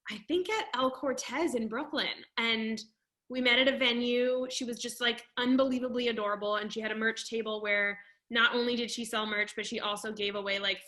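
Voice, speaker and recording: A woman's voice: on the high side, sharp tone. A young adult woman hosting a livestreamed show, introducing acts in a gushing, chatty way full of filler words. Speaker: festival host.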